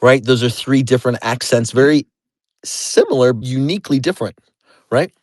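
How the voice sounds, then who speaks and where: A man's voice: mid-range voice, normal speed, a little mellow, no echo. A man hosts a casual chat in a middling voice with a dry, close sound. He talks loosely, swears now and then and keeps checking in with "right?". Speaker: host.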